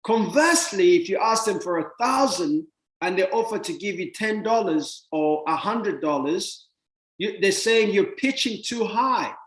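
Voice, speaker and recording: Animated man in an echoey room. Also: high voice, unhurried. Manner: repeats words, acts out dialogue with other people. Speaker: speaker teaching about money. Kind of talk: animated motivational talk.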